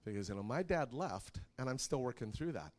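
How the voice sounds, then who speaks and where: A man in his thirties preaching, telling family stories with lots of laughter and getting loud when he acts out scenes. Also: mid-range voice, fairly quick. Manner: animated storyteller who laughs often and gets loud when acting out scenes. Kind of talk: sermon with personal stories.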